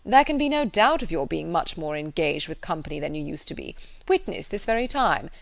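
Blunt practical gentleman, firm and lecturing, read by a woman in a low voice. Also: big pitch swings, brisk, vocal fry, no echo, full character voice.

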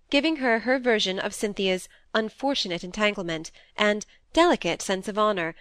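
A woman narrating a classic novel in a measured audiobook reading. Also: mid-range voice, fairly bright tone, smooth, no echo. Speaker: audiobook reader.

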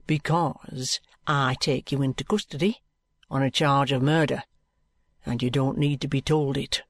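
A man playing a shrewd police detective, speaking in a cool, deliberate, coaxing way. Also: medium pitch, steady tone, no echo. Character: shrewd, calm male police detective, firm and patronising.

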